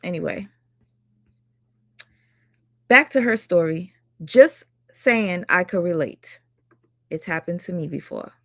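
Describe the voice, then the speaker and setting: A woman's voice: fairly low pitch, animated, slow, pauses often, no echo, clean studio sound. A woman chatting casually and candidly as a reaction streamer, swearing freely as she talks. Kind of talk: casual chat.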